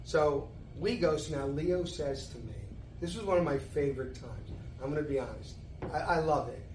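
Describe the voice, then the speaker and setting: A man in his sixties, a podcast guest telling a story in an animated, casual way. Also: on the high side, normal speed, slight background noise. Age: 60s. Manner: animated storyteller, acting out others' voices. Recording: echoey room.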